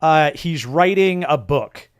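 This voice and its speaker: A man's voice: fairly high pitch, animated, slow pace, clear, resonant tone, dry recording, studio quality. A middle-aged man co-hosting a podcast, chatting casually about video games, rambling with lots of restarts and fillers. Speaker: podcast co-host.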